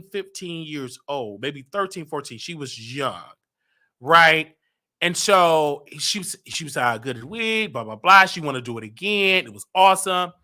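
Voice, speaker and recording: Man, talk show host, animated storytelling, dramatic, voices quoted dialogue, sharp bright tone. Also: high voice.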